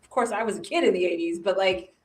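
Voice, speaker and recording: A woman's voice: medium pitch, quick pace, echoey room, recorded from a distance. Chatty woman in her forties. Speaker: podcast co-host. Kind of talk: casual review chat.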